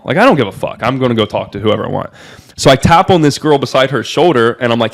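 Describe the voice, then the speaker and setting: A young man from Miami telling a rambling party story on a podcast, excitable, with a lot of filler "like". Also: mid-range voice, fast. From Miami, USA. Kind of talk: casual storytelling.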